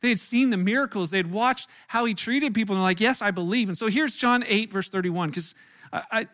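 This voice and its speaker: A man preaching a sermon to a church room, telling the story in an animated way and acting out the voices of the people in it. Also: sits high, brisk. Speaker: pastor.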